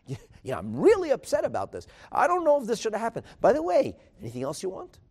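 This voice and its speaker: A man's voice: sits high, wildly swooping pitch, quick pace, darkish tone, voice pushed up, heavily acted. A man voicing a fickle ancient king inside a lecture, exclaiming in a fussy, petulant way. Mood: fretful. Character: fickle ancient Persian king, male, grown adult.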